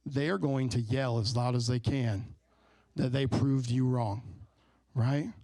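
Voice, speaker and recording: A man in his thirties preaching a sermon in a relaxed, conversational way, telling a family story and asking the congregation questions. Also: mid-range voice, dry recording. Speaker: pastor. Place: church sanctuary.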